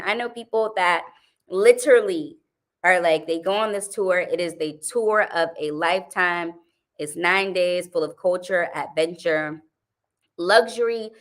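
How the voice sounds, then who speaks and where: A woman's voice: lowish voice, fairly bright tone. A young adult woman hosting a casual livestream, chatting animatedly with viewers and laughing often. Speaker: livestream host.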